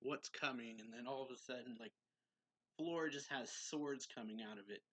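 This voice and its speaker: A man's voice: mid-range voice, moderate pace. A young man casually recapping a manga chapter as a reviewer, rambling with lots of fillers. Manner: rambling, filler-heavy with 'like' and 'and so'.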